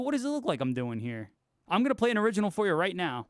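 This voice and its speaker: A man's voice: high-pitched, wildly swooping pitch, fast talker, dry recording, clean studio sound. Laid-back, foul-mouthed male livestreamer. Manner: laid-back, swears freely, laughs often. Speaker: livestream host and guitarist. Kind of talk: casual chat reading viewer comments.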